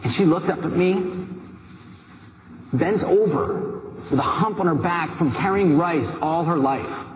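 A man giving a motivational talk, telling a personal story in a lively, conversational way with asides to the listener. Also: fairly high pitch, measured pace, long pauses. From United States. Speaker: motivational speaker. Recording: echoey hall with background noise.

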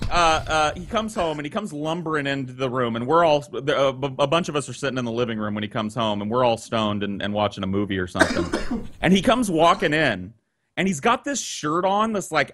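A man telling a crude story on a podcast in a casual, profane, animated way. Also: fairly high pitch, a little fast. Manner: animated, profane, voice jumping up when excited. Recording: noisy podcast audio.

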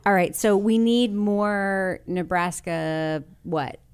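A woman's voice: medium pitch, slow, clean tone. A woman hosting a podcast of crime writers, chatting and reading listener mail aloud, often laughing. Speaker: podcast host. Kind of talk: casual podcast chat.

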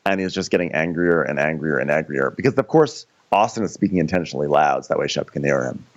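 A man's voice: rumbling low, animated, fast talker, muffled recording. A man co-hosting a podcast, rambling through a casual comedic recap of a reality TV episode, with lots of fillers and chuckles. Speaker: podcast co-host.

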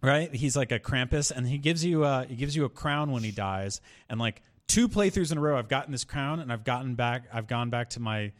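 A man chatting casually on a games podcast, his pitch sitting in the middle of the range. He tells his stories in an animated way, often laughing between lines. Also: brisk, few pauses. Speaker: podcast co-host. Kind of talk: casual chat about video games.

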